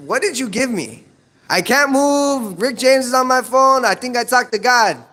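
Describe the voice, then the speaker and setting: A man voicing his uncle, who is high on an edible and pleading in a panic. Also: moderate pace, pushed and bright, exaggerated voice. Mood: panicked. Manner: pleading, frantic.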